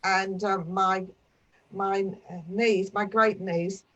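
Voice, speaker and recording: A woman speaks up in a class discussion. She talks haltingly, restarting phrases and pausing as she searches for words. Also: mid-range voice, steady tone, fairly bright tone, dull audio. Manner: halting, hesitant storytelling with repeats. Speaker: class participant.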